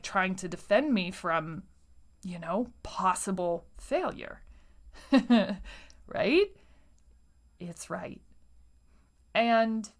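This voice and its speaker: A woman's voice: mid-range voice, fairly bright tone. A woman hosting a solo podcast in a casual, chatty way, often tagging her points with "right?" and sometimes dropping to a near-whisper. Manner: chatty, tags lines with "right?" and "like". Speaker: podcast host.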